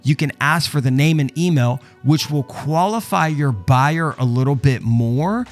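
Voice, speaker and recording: A man's voice: fairly high pitch, a little slow, faint music behind. A man teaching copywriting in a step-by-step walkthrough, emphatic and checking in often with the listener. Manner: emphatic, explains step by step with repeated "okay?" check-ins. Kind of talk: screen walkthrough tutorial.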